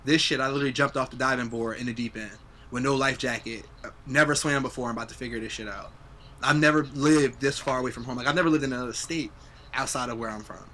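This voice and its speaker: Bright quick-talking young man. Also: medium pitch, steady tone, a little hiss or hum. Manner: laid-back, swears freely, reflective. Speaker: podcast host. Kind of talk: casual chat.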